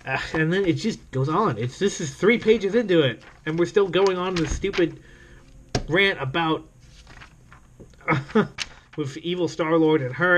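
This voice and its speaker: A man's voice: fairly high pitch, a little hiss or hum. A man reviewing a comic book in casual video commentary, rambling and sarcastic, with many fillers and laughs.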